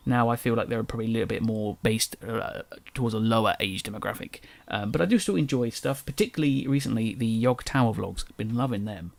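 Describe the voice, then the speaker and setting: A man's voice: fairly low pitch, quick pace, gravelly, hardly any pauses, no echo. A young man with a casual English accent that drops its T's, hosting a solo podcast in a rambling, chatty way that keeps correcting itself. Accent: English, dropped T's. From England. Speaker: podcast host.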